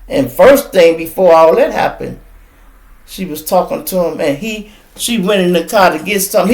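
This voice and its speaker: A man, hosting a podcast and retelling a news story in an animated, casual way while he talks straight to his listeners. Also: high voice, normal speed. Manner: animated, addresses listeners as y'all. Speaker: podcast host.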